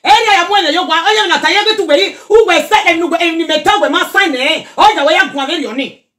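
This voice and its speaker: A middle-aged Nigerian woman chatting casually in a reaction vlog, animated and scolding by turns. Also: very high voice, normal speed. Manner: animated, mixes pidgin and Yoruba, scolding asides. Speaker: social media commentator.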